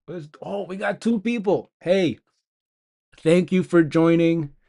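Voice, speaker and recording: A young game developer streams live, rambling and joking at himself as he codes. His voice is high, slow and creaky with a warm tone, and he talks to himself throughout this casual coding chat.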